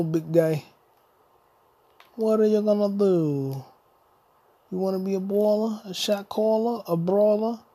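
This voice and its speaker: Man, podcast host, comedic rambling, improvised singing, gravelly, dry recording. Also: a little high, dark tone, no room sound. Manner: freewheeling, jumps between talk and scatted singing.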